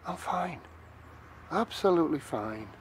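A calm, soothing father who reassures his child. There is noise behind his voice. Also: a little high, a little slow. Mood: reassuring.

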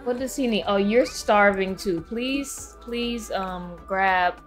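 A woman hosting a casual let's-play, chatting to her game characters and viewers, her throat rough from allergies. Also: medium pitch, slow, faint music behind. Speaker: gaming channel host.

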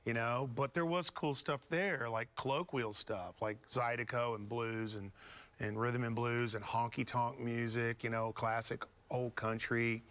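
A man's voice: mid-range voice, steady tone, unhurried, a bit bright. A man from Beaumont, Texas, a guest musician telling stories in a studio interview, rambling and easygoing with many fillers. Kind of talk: casual storytelling interview.

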